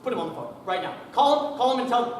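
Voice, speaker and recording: A man's voice: very high-pitched, animated, rapid-fire, recorded from a distance, slight background noise. A young man playing a blustering, bullying boss in an echoey hall. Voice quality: ranting, bullying, sarcastic. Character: hot-tempered blustering male boss on the phone. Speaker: speech competition contestant. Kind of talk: humorous interpretation monologue. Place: school auditorium.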